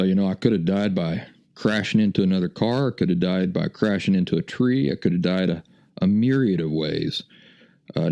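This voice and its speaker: A middle-aged man speaks in a low, gravelly voice with plenty of vocal fry. He tells his story in a folksy, chuckling way, as a podcast host chatting to listeners. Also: dark tone. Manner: folksy, chuckling anecdotal delivery. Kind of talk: casual storytelling.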